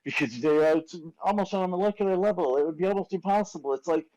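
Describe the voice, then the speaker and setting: Chatty guy at a tabletop game, rambles, kinda high and mellow voice. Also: fast talker, rough recording. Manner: chatty, laughs often, rambling restarts. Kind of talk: casual chat at the game table.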